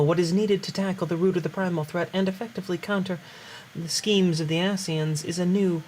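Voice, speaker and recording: A man's voice: on the high side, slight background noise, close to an everyday voice, low-quality recording. A man reading game dialogue aloud as an earnest, formal young male statesman, in a mock-solemn way.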